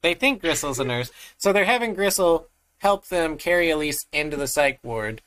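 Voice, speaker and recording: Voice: mid-range voice, lively intonation, moderate pace, a bit bright. A game master narrating a tabletop role-playing game over voice chat in a laid-back way, often laughing.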